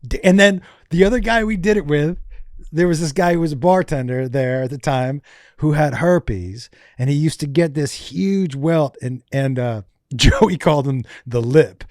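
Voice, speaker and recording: Male comic guest, slightly high voice, animated profane storytelling, dry sound. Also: moderate pace, no echo. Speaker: comedian guest. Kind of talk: casual podcast chat.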